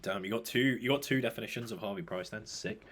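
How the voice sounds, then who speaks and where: A man's voice: on the low side, fast, a bit bright. A young man co-hosting a fitness podcast, chatting casually and rambling through stories with lots of fillers. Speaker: podcast co-host, fitness coach. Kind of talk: casual chat.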